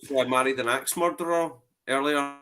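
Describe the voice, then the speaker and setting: A man telling a casual anecdote on a podcast, animated and lively. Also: mid-range voice, fairly quick. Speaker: podcast guest. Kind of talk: casual storytelling chat.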